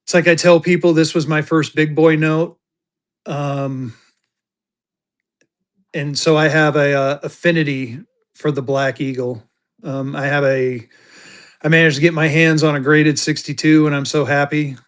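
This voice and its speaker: A man with a slightly higher voice runs a casual live auction from home. He talks in a loose, chatty way, full of fillers and thanks to his buyers. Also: steady tone, a little slow, pauses often. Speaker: livestream seller.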